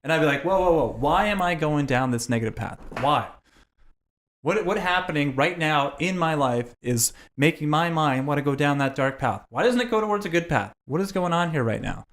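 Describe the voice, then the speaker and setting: A man's voice: a little high, expressive, a little fast, a bit bright. A man, a podcast guest telling candid, profane, self-reflective stories in casual conversation.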